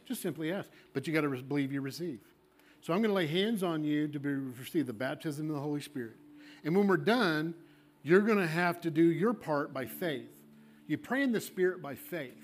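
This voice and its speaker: A man's voice: on the high side, a little hiss or hum. A man, a pastor, leading an altar call and fervent prayer in a coaxing, repetitive way. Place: church sanctuary.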